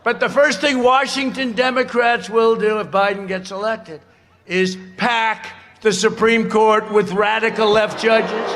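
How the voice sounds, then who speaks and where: A man's voice: high voice, fairly even intonation, slow pace, noisy background. A man giving a campaign speech at a rally, boastful and sarcastic, drifting off into rambling asides. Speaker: politician addressing a rally. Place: large rally venue. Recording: loud cheering crowd at a rally.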